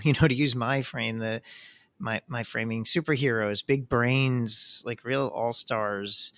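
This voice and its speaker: Gravelly, animated male podcast co-host. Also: mid-range voice. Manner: animated, many restarts, lively emphasis. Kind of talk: casual conversational podcast.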